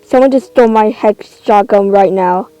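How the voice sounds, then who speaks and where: A woman's voice: mid-range voice, normal speed, mellow, clean tone, dry recording, faint music behind, low-quality recording. A woman giving casual gameplay commentary, indignant and exclaiming, rambling between outbursts. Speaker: gamer.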